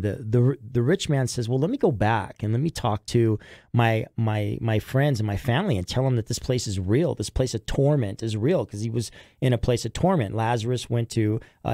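Male radio preacher, earnest and direct, warm mellow tone, dry studio mic. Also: mid-range voice, dry recording. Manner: earnest, quotes scripture, builds in quick bursts.

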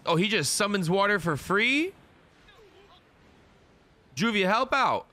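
A young man streaming a live anime reaction, excitable and slangy, swearing often as he comments. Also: high-pitched, slow.

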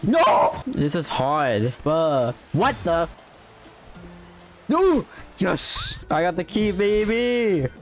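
A streamer giving excitable gaming commentary, yelping, shouting and hyping themselves up. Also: medium pitch, slow pace, few pauses, music in the background. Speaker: streamer playing a platform game.

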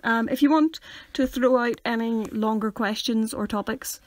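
A woman's voice: on the high side, moderate pace. A young woman from near Derry with a Northern Irish accent, co-hosting a casual podcast and telling stories with acted-out quotes and lots of laughter. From Northern Ireland. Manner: animated storyteller, acts out quotes, laughs a lot. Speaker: podcast co-host. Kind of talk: casual chat.

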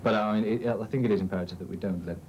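A young man with a deep, low voice speaks in an earnest, measured way, often pausing to hesitate. He is organising a student music society. There is faint noise behind him. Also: a little mellow, highs cut off. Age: young adult. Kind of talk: committee discussion and radio interview.

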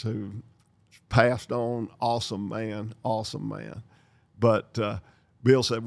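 An older man from North Carolina, hosting a podcast and telling lively stories, acting out the dialogue as he goes. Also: mid-range voice, creaky. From North Carolina, USA. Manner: lively storyteller who acts out dialogue and laughs. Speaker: podcast host. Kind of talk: storytelling podcast chat.

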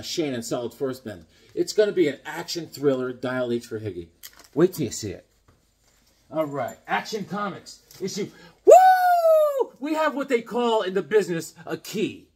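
This middle-aged vlogger has a husky, fairly high voice as he chats casually about comics he picked up. He goes off on enthusiastic tangents and acts out voices during his stories.

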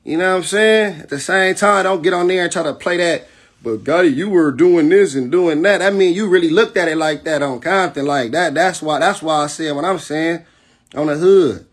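A man delivers a defiant, profane livestream rant as a battle rapper. His voice sits high for a man and has a husky edge. He talks aggressively and keeps checking in with his listeners. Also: fairly quick, a bit bright. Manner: keeps asking "you know what I'm saying".

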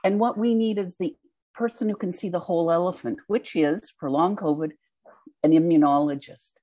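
A woman hosting an interview, asking measured, reflective questions. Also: on the low side, warm tone, dry recording. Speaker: interviewer host.

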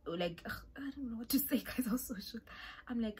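Animated South African woman telling a story. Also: high voice, fairly quick. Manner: animated, mixes in Zulu and Xhosa phrases, acts out voices. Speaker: YouTuber. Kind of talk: storytime vlog.

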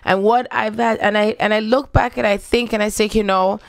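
A woman's voice: mid-range voice, steady tone, fairly quick, gravelly. A woman hosting a casual spiritual talk, speaking frankly and rambling, often repeating herself.

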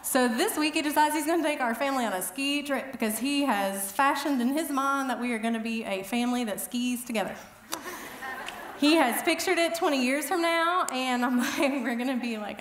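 A middle-aged woman speaking at an event, telling funny, self-deprecating stories in a chatty, animated way. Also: sits high, brisk, echoey room. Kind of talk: humorous storytelling talk. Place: event hall.

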